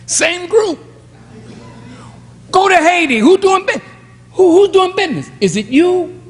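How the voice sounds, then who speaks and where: An older man preaching a fiery sermon as a minister, rising to shouts and then dropping low. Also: lively intonation, measured pace, big-room sound. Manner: preaching with shouted peaks and sudden drops. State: fired up.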